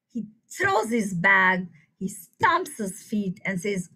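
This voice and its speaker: A woman's voice: mid-range voice, slow pace, breathy edge, poor audio. A woman leading an online teacher workshop, telling a story and asking the audience questions over a video call. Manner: engaging, animated, asks the audience questions. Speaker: teacher trainer.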